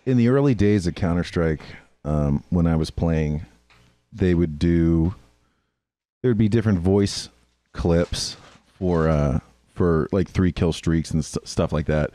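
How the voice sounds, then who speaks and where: A man's voice: deep voice, unhurried, warm tone, no echo. A man hosting a casual comedy podcast, telling rambling, jokey stories. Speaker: podcast host.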